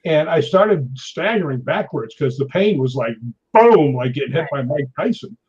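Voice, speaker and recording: A man in his sixties, a stunt performer, telling anecdotes in a lively way, laughing often and acting out other people's lines. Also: fairly high pitch, moderate pace, slightly rough. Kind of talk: anecdotal storytelling. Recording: dull lo-fi recording.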